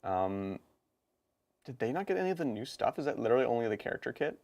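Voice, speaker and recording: A man in casual live-stream chat, talking through game rules with easy asides and quick laughs. His pitch sits mid-range but swings freely up and down as he goes. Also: very animated, vocal fry, darkish tone. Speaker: co-host of a tabletop gaming stream.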